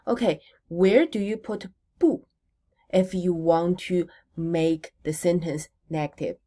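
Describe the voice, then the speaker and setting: Woman language teacher, deep-pitched, slow and patient, drills words and answers her own prompts. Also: dark tone. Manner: models words slowly for repetition, asks questions and answers them herself. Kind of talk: recorded language lesson.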